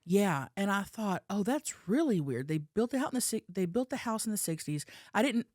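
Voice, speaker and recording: A woman co-hosting a podcast, telling a story in a casual, animated way, acting out the voices of the people in it and slipping in crude jokes. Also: mid-range voice, fairly quick, dry recording, clean studio sound. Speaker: podcast co-host. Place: podcast studio.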